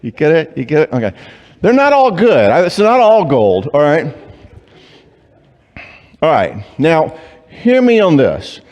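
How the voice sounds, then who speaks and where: A man's voice: fairly high pitch, lo-fi sound. Man lecturing in a reverberant church hall. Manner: animated, joking, acts out clients and spouses in quick voices. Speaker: Christian psychologist speaking at a marriage conference. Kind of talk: conference talk.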